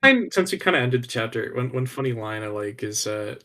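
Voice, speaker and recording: A man's voice: medium pitch, lively intonation, a little fast, bright, forceful tone. Joking man in casual book chat. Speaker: podcast co-host.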